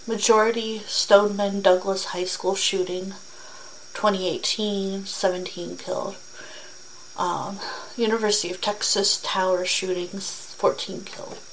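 A young woman in a casual vlog, moving between reading facts aloud and earnest personal comments. She talks haltingly, with fillers and restarts, at a mid pitch with faint noise behind her. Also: a bit bright, low-quality recording.

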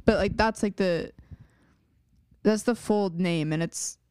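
A woman's voice: mid-range voice, slow pace, darkish tone, clear, resonant tone, no room sound, studio quality. A young woman co-hosting a podcast in casual chat, easygoing and wry with plenty of fillers. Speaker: podcast co-host.

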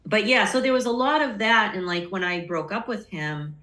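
A woman's voice: medium pitch, normal speed, bright, forceful tone. A middle-aged woman, a podcast guest, telling her personal story candidly and acting out the voices of people she quotes. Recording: roomy echo.

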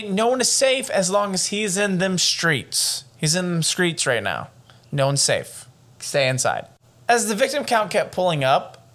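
A man's voice: a little high, a bit bright. A young man co-hosting a podcast, telling a true-crime story casually with profane joking asides. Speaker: podcast co-host.

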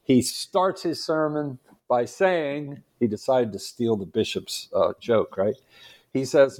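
A man as a guest on a podcast interview, an animated storyteller who laughs often. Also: mid-range voice, slow. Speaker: guest, Catholic apologist.

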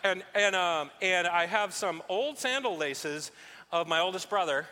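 A man's voice: high voice, a little slow. A male pastor voicing an eager young man rambling through a risky plan, in an echoing hall. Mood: breezy. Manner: excitable, rambling, salesman-like. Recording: echoey hall.

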